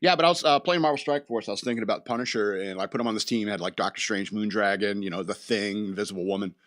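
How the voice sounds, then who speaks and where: A man hosts a relaxed chat show, talking loosely and rambling from one thought to the next. He chuckles between lines and slips into silly character voices as he goes. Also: lowish voice, fast. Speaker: podcast host. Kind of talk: casual chat.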